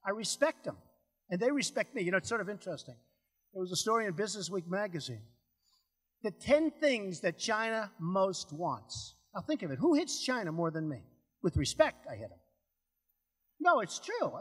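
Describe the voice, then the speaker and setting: Older guy ranting at a rally, huskyish voice, big swoopy pitch, echoey hall. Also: a bit bright. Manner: boastful, rambling, repetitive, acts out phone calls. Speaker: political speaker. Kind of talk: rally speech. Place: large hall before an audience. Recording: speech in a large echoing hall.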